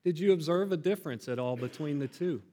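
Male pastor, mid-high voice, expressive sermon delivery, reverberant sanctuary sound. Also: quick pace. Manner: expressive, builds to loud emphatic peaks. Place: church sanctuary.

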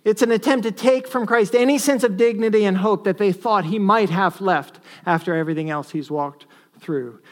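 Male pastor, high-pitched, earnest sermon delivery with emphatic stresses. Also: normal speed. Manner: earnest, rises to emphatic stresses then drops to quiet asides.

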